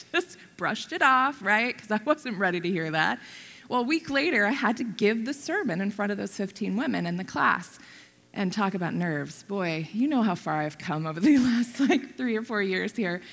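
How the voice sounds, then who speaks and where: A woman in her thirties preaches a sermon, with a slightly high voice that has a gravelly fry in it. She talks candidly and pokes fun at herself. Her voice rings out with a long reverb, as in a large hall. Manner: candid storytelling, self-deprecating, frequent laughter and restarts.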